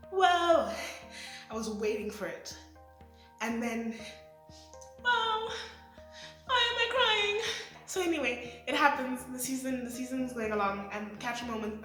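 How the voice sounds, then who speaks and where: A woman in her twenties talking through a show review, excitable and rambling with lots of fillers. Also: fairly high pitch. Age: 20s. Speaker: vlogger. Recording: echoey room, faint music.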